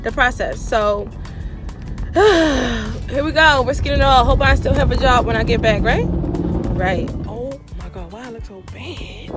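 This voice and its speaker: A woman's voice: a little high, measured pace, loud music behind the voice. A young woman chatting expressively in a casual video diary while in a car, speaking into a phone camera. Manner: chatty and expressive, swings from quiet to loud and joyful. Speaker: vlogger.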